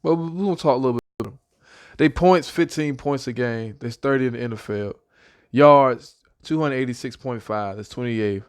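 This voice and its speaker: This young man talks football as an excited fan in a casual prediction vlog. He repeats his points and runs through stats in a loose, chatty way. His voice sits at an everyday middle pitch for a man. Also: a little fast, clear, resonant tone.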